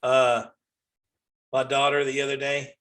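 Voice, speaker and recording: Man, 40s, comedy host, ranting monologue with high outbursts. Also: unhurried. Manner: ranting, animated, jumps to high-pitched outbursts.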